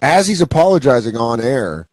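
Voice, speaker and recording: A man's voice: medium pitch, big pitch swings, a little mellow, no room sound. A man co-hosting a comedy podcast, riffing casually and slipping into characters. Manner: riffing, quick to slip into characters.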